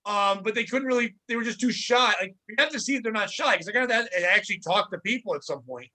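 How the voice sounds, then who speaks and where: High bright-voiced man telling stories. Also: fast. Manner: rambling storyteller, animated retellings. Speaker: podcast host. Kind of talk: casual comedic chat.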